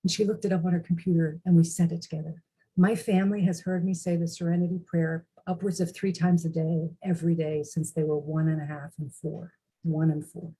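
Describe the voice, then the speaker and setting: A woman's voice: lowish voice, flat delivery, brisk, warm tone, slightly rough, poor audio. A middle-aged woman speaking as a recovery speaker, telling personal stories in an earnest, candid way. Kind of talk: personal storytelling talk.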